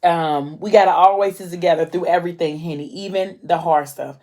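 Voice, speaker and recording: A woman's voice: lowish voice, fairly even intonation, brisk, a little mellow, natural voice. A woman voicing an earnest, devout teenage girl who speaks in a pleading, heartfelt way.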